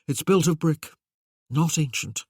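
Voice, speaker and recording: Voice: mid-range voice, animated, a little slow, husky. Give me a narrator playing a charming, curious young nobleman with a matter-of-fact, slightly raised delivery. He sounds intrigued and composed as he explains things. The recording is dry, with almost no echo.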